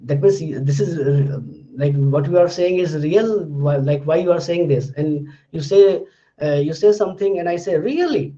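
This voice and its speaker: High-voiced man giving a lecture. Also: moderate pace, mellow, highs cut off. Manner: explanatory, repeats words and examples, frequent fillers. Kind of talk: recorded lecture.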